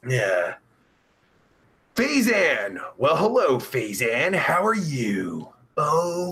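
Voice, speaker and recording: On his live stream, a young man riffs on the chat in a rambling, profane, sarcastic style at a measured pace. His high, sharp-toned voice has vocal fry and a sing-song quality, swooping all over and punctuated by groans and long sighs.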